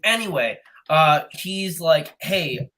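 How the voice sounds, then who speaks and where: A podcast co-host recapping an old film in a rambling, profane, excitable way, sometimes doing quick mock voices. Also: medium pitch, background noise. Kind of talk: casual comedic chat.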